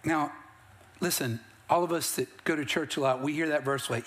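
A middle-aged male pastor preaching a sermon in a church, his voice sitting on the higher side for a man. He tells stories in a plain, conversational way, then builds into rising bursts of emphasis. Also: normal speed, a bit bright. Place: church sanctuary.

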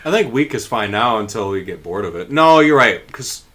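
A man's voice: fairly low pitch, animated, brisk, a bit bright. A man co-hosting a casual podcast, laid-back and joking, swearing now and then. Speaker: podcast co-host. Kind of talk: casual chat.

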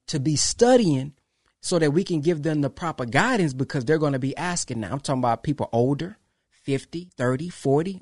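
A man's voice: fairly high pitch, a little mellow, dry recording, clean studio sound. Emphatic man preaching to followers. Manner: preachy, emphatic, repeats phrases; acts out quoted exchanges. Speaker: podcast host. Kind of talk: casual monologue to followers.

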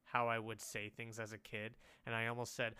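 Giggly rambling man with a smooth voice. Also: medium pitch, monotone, a little fast, bright, forceful tone. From California. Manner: giggly, rambling storyteller, laughs often. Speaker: podcast co-host. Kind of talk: casual podcast chat.

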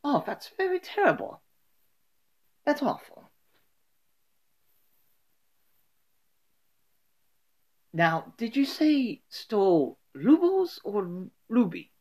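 A man voicing a genteel older woman sleuth in a prim, fussy falsetto. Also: big pitch swings, slow, darkish tone, full character voice. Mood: concerned.

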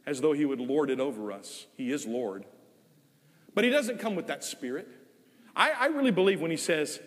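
Older preacher, lively, echoing sanctuary. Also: male voice, fairly high pitch. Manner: earnest, swings from loud emphasis to soft, drawn-out phrases. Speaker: guest preacher. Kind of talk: sermon. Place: church sanctuary.

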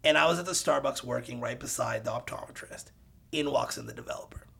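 A mid-range, husky voice with vocal fry belongs to a realtor guesting on a podcast, who talks fast. He acts out conversations in his casual, animated anecdote and booms out the punchlines.

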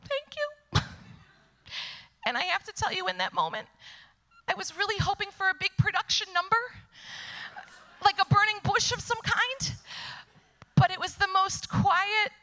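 A woman giving a personal testimony to a church congregation, telling her story with animation and dropping into soft whispers for emphasis. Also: extremely high pitch, lively intonation, normal speed, long pauses. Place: church sanctuary before a congregation.

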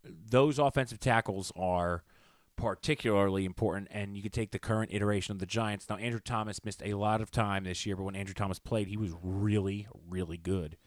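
A man co-hosts a sports podcast in a fairly low voice, riffing on football with strong opinions and frequent restarts. The sound is dry and close to the mic. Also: steady tone, fairly quick, dry recording. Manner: opinionated, talks in long runs with restarts. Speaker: podcast co-host. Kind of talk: casual sports talk.

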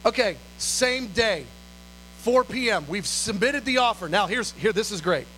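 A man with a very high, bright, forceful voice tells a story from the pulpit. He is animated and jumps into the voices of the people in his story. A faint mains hum sits under his voice. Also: brisk, poor audio. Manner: animated, acts out dialogue and sometimes shouts. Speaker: pastor. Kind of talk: storytelling sermon.

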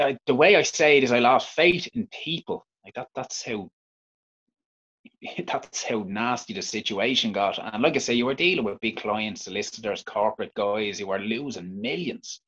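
A man with a Dublin Irish accent, an interview guest telling his own story frankly, halting and restarting often. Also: lowish voice, fairly bright tone, lo-fi sound. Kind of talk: candid personal storytelling.

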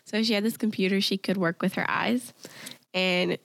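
Gravelly young woman telling a rambling story. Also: mid-range voice, fairly even intonation, moderate pace, dry recording. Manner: rambling storytelling with many fillers. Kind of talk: casual chat.

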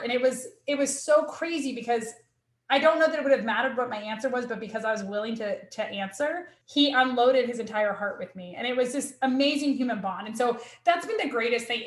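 Guest spot: earnest female academic, a bit high-voiced, roomy echo on the recording. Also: a little fast. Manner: earnest, emotional, with many restarts. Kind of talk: candid personal storytelling.

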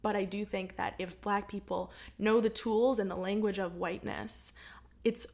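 A woman's voice: mid-range voice, fairly even intonation, normal speed, vocal fry, a little mellow. A young American woman in casual podcast conversation, thoughtful and chatty, with frequent "like" fillers and easy laughter. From United States.

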